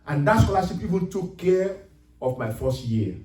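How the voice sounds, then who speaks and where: A man preaching a sermon in a high, lively voice that rises to emphatic shouts on the scripture. The sound is roomy and echoing, picked up from some distance in a church hall. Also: normal speed. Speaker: pastor. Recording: echoey room, mic at a distance.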